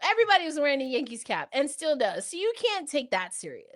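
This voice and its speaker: A woman with a New York accent and a high voice co-hosts a casual show. Her talk is playful and full of slang. She stays animated as she riffs. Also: fast. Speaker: podcast co-host. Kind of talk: casual chat.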